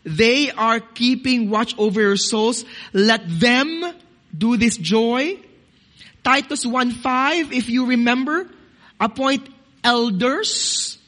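A man's voice: extremely high pitch, slow, fairly bright tone. A man, a pastor, preaching a sermon to his congregation. He cites scripture, repeats words, and stresses key phrases. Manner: addresses congregation as "dearly beloved".

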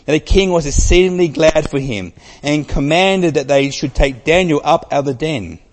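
A man preaching a sermon, telling a story with emphasis and dropping from loud to very soft. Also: a little high, moderate pace. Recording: long reverb of a large hall.

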